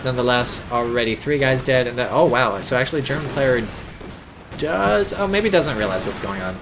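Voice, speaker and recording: A man commenting casually on a strategy game, his voice sitting at a middling pitch. He swears often, jumps into excitement and slips into sarcasm. A faint hiss runs beneath the recording. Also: moderate pace. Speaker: game caster.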